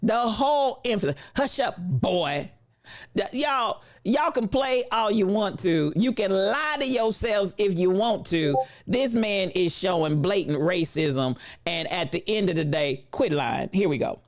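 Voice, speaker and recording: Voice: medium pitch, unhurried. Emphatic preachy commentator with a Black lilt.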